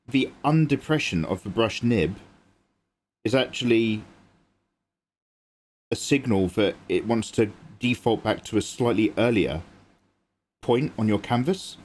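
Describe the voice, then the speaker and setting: The voice is medium in pitch with a darkish tone, belonging to a young Englishman streaming his art live. He keeps things chatty, reading and replying to chat while explaining what he's drawing.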